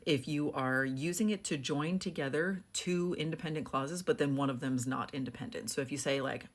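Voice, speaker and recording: A young woman book editor talks through a punctuation lesson in an easygoing, conversational way. She drops frequent "like" fillers as she explains. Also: a bass voice. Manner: chatty, frequent "like" fillers, reads examples aloud.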